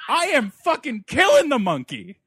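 A man co-hosting a comedy podcast, tossing in slow, crude one-liners and laughing. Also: very high-pitched, wildly swooping pitch, a bit bright, no room sound, studio quality. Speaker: podcast co-host. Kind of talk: casual comedic movie chat.

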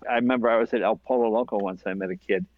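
A man's voice: fairly low pitch, steady tone, very fast, phone-quality sound, a little hiss or hum. A man, a comedian and former late-night talk show host, telling casual stories as a guest and acting out both sides of each exchange. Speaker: podcast guest. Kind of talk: casual storytelling.

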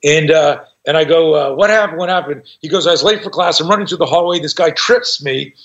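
Brief: man, 60s, self-defense teacher, raised-pitch lively storyteller, cussing, lo-fi dull recording. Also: a little fast. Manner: profane, animated, acts out voices in his stories. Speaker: self-defense instructor, guest. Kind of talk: storytelling in a conversation. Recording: dull lo-fi sound.

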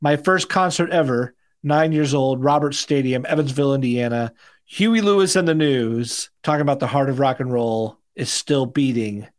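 A man co-hosting a podcast in casual chat, easygoing and quick to react. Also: mid-range voice. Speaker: podcast co-host.

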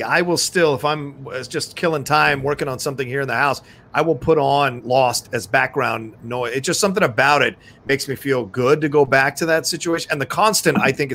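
A man hosting a casual live stream, steering the talk and musing warmly about a favorite show. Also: mid-range voice, creaky. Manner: relaxed, reflective, steers the show. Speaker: host. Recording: faint background noise.

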